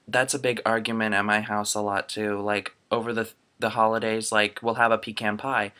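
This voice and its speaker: A man's voice: fairly low pitch, pushed and bright. A young man from Florida chatting casually through a dialect survey into his laptop webcam, rambling with lots of ums. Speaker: vlogger.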